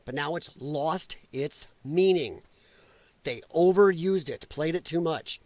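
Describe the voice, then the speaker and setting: A man's voice: a little high, takes it slowly, no room sound. A male podcast host giving blunt, profane, sarcastic livestream commentary.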